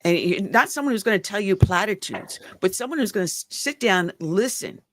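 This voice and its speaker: A woman's voice: medium pitch, expressive, brisk, fairly bright tone. A woman from the United States hosting a talk show, summarizing points in a reflective way. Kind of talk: conversational interview.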